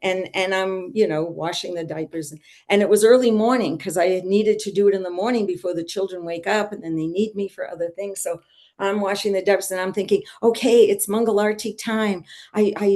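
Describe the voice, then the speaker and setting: An older woman telling a personal devotional story to a reading group, earnest and animated. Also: medium pitch, brisk. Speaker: devotee sharing testimony.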